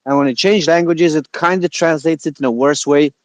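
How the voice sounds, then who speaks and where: A man talking casually as a podcast guest, relaxed and joking, with many fillers. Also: fairly high pitch, a little fast, no room sound. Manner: relaxed, jokey, uses many filler likes.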